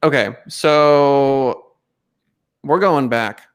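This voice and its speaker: A man's voice: mid-range voice, drawn-out words, clear, resonant tone. A man from North Dakota hosting a casual podcast, talking in a joking, blunt, playful way. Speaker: podcast host.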